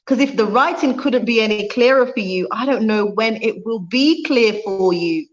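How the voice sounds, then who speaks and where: A woman's voice: on the high side, normal speed, dull audio. A woman vlogger talking fervently on a livestream, repeating her points for emphasis and reading out viewer comments. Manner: reads viewer comments aloud. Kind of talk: impassioned livestream talk.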